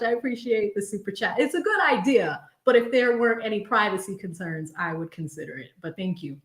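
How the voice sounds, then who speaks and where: A young woman hosting a live stream from home, with a fairly high voice that carries a roomy echo. She talks in a loose, expressive way, laughs readily, and reads viewer messages aloud between her own remarks. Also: fairly quick, hardly any pauses. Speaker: livestream host reading viewer super chats. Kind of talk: casual live-stream chat.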